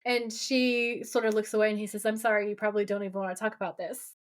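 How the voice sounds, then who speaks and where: Recapping a TV episode casually on her podcast, this co-host gets animated and voices the scenes as quoted exchanges. She talks quickly at a medium pitch.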